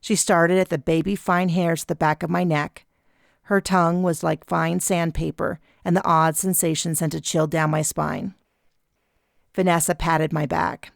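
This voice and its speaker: A woman narrating a first-person audiobook in a steady, even storytelling manner on a close mic. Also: low voice, measured pace, vocal fry, no echo.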